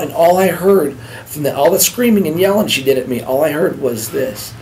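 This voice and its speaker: A middle-aged man shares a recovery story as earnest, heartfelt personal testimony, restarting and repeating words as he goes. His voice is fairly high, expressive, and gravelly, a little fast, and the poor audio carries some hiss or hum.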